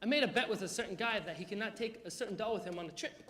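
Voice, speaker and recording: A man's voice: high voice, very fast, fairly bright tone, a little hiss or hum. A teenage boy on a school stage, playing a sly, streetwise male gambler with a wheedling delivery. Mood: sheepish. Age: teens. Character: fast-talking male gambler, sheepish and sly. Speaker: high school stage actor. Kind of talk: live musical theatre dialogue.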